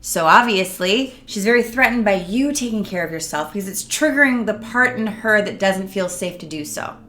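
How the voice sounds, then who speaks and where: Bright-voiced woman coaching to camera. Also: medium pitch, normal speed. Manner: earnest, animated, acts out quotes. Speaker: emotional wellness coach. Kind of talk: casual talk to camera.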